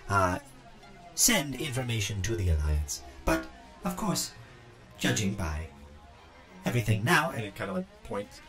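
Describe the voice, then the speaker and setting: A man voicing an old, outdated male robot who speaks in a stiff, halting, formal way. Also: mid-range voice.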